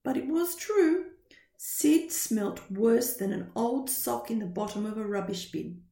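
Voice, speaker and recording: A woman reads a children's picture book aloud, slowly and with animated, sing-song expression. Her voice sits fairly high for a woman. The recording has a roomy echo. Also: vocal fry. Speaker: storyteller.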